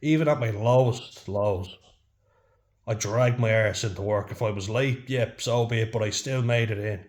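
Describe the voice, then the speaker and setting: Irish man, low-pitched, casual vlog chat, frank, swears a lot. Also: moderate pace, a little mellow. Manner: frank, heavy swearing, frequent "you know". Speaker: vlogger.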